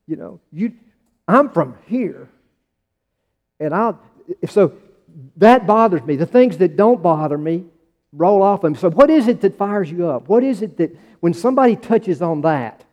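A man with an American accent preaching a conversational sermon as pastor, restarting phrases and pressing his questions harder. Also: high-pitched. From United States. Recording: dull sound in a large reverberant hall.

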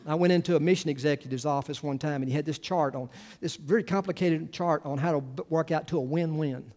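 A male pastor delivers a sermon in a casual, talky way. He often backtracks and restarts his sentences. His voice sits a little on the high side. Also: fast talker, few pauses, a little mellow. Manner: conversational, full of restarts and asides.

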